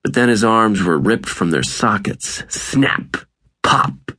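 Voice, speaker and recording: A man narrating an audiobook in a measured, deliberate reading. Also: fairly low pitch, expressive, sharp tone. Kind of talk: scripted narration.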